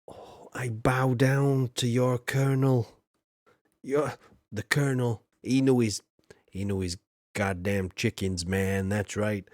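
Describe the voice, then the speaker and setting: A brash, swaggering American man talks himself up in a loud drawl, as a British streamer puts him on. The voice sits in a middle register, and the sound is close and dry with no room around it. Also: mid-range voice, steady tone, slow, no room sound, close to an everyday voice. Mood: boastful. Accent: put-on American. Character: brash American man praising fried chicken.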